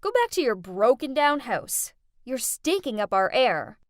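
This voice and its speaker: A woman voices a spoiled, haughty rich teenage girl in an animated storybook, loud and contemptuous. Her lively voice swings high and low, with a dry, close sound. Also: a little slow, no room sound. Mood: scornful. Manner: screaming, contemptuous.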